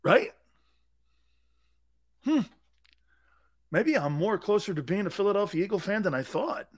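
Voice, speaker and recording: High-voiced, animated sports radio host. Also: male voice, a little slow. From United States. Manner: animated, acts out angry fans in bursts. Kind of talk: loud comic sports talk rant.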